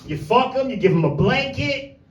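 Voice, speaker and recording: Male stand-up with a high voice. Crude, rambling crowd-work in a roomy, distant recording. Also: animated, normal speed, lo-fi sound. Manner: brash, vulgar, rambling with crowd asides. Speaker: stand-up comedian. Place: small comedy room with few people. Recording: echoey room, mic from a distance.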